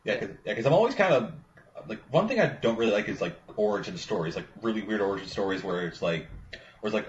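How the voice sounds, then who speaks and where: A man's voice: lowish voice, expressive, quick pace, slight background noise. A man in casual movie chat, rambling and profane, with lots of "like" fillers. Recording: roomy, muffled recording with faint ambience.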